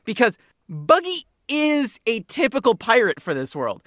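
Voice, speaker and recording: A woman's voice: fairly high pitch, huge pitch swings, unhurried, no echo, studio quality. A woman co-hosting a podcast in casual chat, talking emphatically and repeating herself to drive points home. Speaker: podcast co-host.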